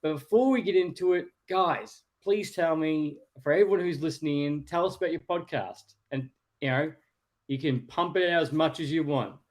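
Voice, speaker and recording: A man's voice: on the high side, normal speed. A man hosting a podcast, introducing the episode and chatting casually in an enthusiastic, conversational way. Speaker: podcast host.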